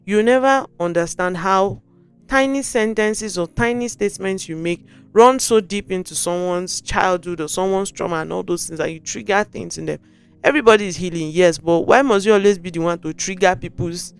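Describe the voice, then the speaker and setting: A Nigerian woman hosting a podcast, giving relationship advice in an animated way and acting out sample conversations. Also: fairly low pitch, normal speed, clear, resonant tone, soft background music. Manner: animated, acts out sample dialogue, mixes in pidgin. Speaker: podcast host.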